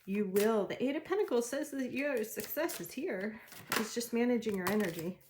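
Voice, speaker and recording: A woman's voice: a little high, lively intonation, moderate pace, noisy background. A woman giving a general tarot reading, talking in an encouraging, chatty way and laughing often. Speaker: tarot reader.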